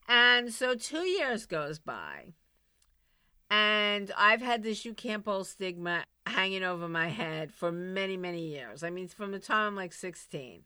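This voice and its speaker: A middle-aged woman hosting a recovery program, telling a personal story in a blunt, candid monologue with animated swings in loudness. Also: mid-range voice, measured pace, clean tone, no echo. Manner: blunt, animated, swings into loud exclaims and laughs.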